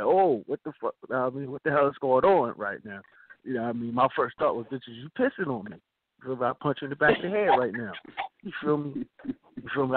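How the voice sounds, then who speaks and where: A laid-back man chats casually on a radio show at a middle pitch, often checking in with his listener. His voice sounds dry and close, squeezed into a narrow, phone-like band. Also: slightly rough, dry recording. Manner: laid-back, keeps asking "you feel me?". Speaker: co-host.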